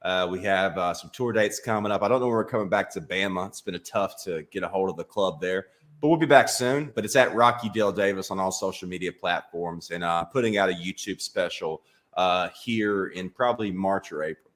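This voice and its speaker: Male comedian, Alabama drawl, lowish voice with a bright edge; dry, self-mocking storyteller. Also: fairly quick. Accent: Southern US, Alabama. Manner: deadpan self-mocking tall-tale telling. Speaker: comedian guest. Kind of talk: casual storytelling interview.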